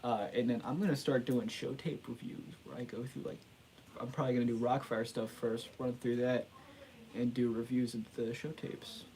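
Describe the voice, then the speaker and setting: A man's voice: medium pitch, big pitch swings, moderate pace, mellow, rough recording. Rambling young-sounding male streamer. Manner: rambling and self-joking, with frequent restarts and laughs. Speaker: livestream host. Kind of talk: casual livestream chat.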